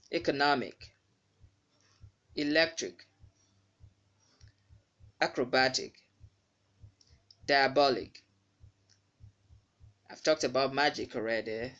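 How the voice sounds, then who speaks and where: Man teaching English pronunciation, slow and careful. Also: medium pitch, fairly bright tone. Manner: careful, repeats words slowly to model pronunciation. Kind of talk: spoken English lesson.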